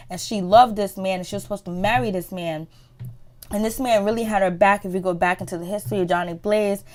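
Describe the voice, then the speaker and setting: Chatty woman recapping reality TV. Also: darkish tone. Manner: chatty, swearing, acts out quotes with rising pitch. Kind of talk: casual TV recap monologue.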